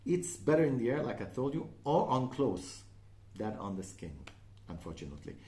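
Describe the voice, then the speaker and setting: A man's voice: medium pitch, very animated, moderate pace, warm tone, reverberant. A man with a French accent, a native French speaker, chatting casually in a perfume review and often checking in with "okay?". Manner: chatty, frequent "okay?" and "uh" fillers.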